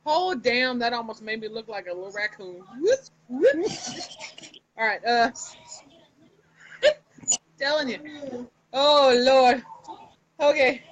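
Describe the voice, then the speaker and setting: Woman host, high animated voice, unhurried live-stream chat, salty and giggly, phone mic. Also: dull audio. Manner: laughs often, swears freely. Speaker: author hosting a live chat with fans.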